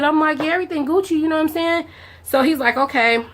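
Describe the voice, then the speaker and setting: Speaking at a normal speed in a high voice, a young beauty vlogger chats casually while doing her makeup. She tells a story and plays both sides of the conversation, peppering it with slang.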